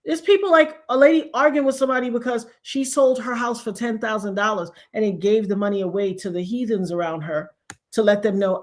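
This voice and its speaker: A woman hosting a casual chat, telling stories in an animated way and acting out the people she quotes. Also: fairly high pitch, fairly quick. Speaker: show host.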